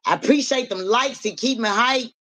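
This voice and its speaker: A woman's voice: on the high side, normal speed, fairly bright tone. Hype-chanting woman live streamer. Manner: repetitive, rhythmic, profane hype chants.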